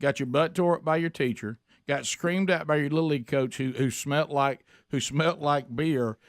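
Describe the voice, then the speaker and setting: A man's voice: fairly high pitch, moderate pace, no echo, clean studio sound. A man co-hosting a radio show, telling childhood stories in casual banter and laughing often. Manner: lively storyteller, laughs often.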